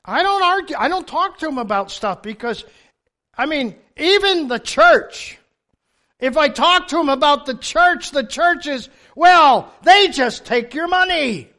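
An older man preaches to his congregation in a strikingly high, bright voice. His storytelling is animated and humorous, and he swings from soft asides to sudden loud bursts. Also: a little slow. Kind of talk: sermon. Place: church.

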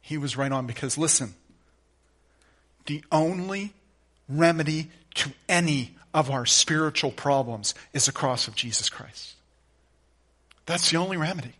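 A middle-aged man delivers a sermon in a fairly high voice. He talks to the congregation like friends, then lifts into emphatic, rising statements of faith. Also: a little slow, pauses often, bright, forceful tone. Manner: conversational, building to emphatic declarations. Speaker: pastor.

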